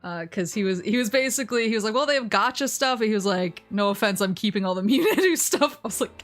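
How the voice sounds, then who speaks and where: A woman vtuber chatting casually on stream, telling a long rambling story, laughing often and quoting people in lively voices. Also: mid-range voice, fast talker, few pauses, soft background music.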